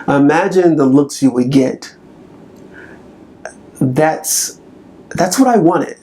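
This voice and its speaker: A man's voice: on the high side, takes it slowly, long pauses, warm tone. A man giving a motivational talk to camera, emphatic and repetitive in a pep-talk manner. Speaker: motivational speaker.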